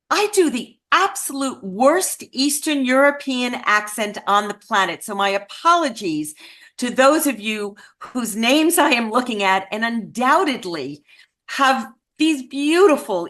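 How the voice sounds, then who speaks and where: A woman's voice: fairly high pitch, measured pace. Earnest woman telling a story. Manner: earnest, self-deprecating, lively storyteller. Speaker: speaker at a memorial event. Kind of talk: storytelling talk.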